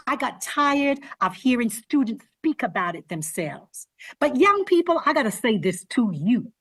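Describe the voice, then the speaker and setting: A woman author telling a story to students, speaking to them directly as an animated storyteller. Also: medium pitch, husky, no echo, clean studio sound. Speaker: children's author visiting schools.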